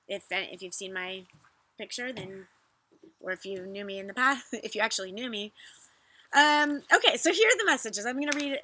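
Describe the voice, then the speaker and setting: A woman fitness vlogger chats casually to camera, speaking in loose bursts with restarts and reading her viewers' messages aloud. Her voice is a little high, pushed and bright.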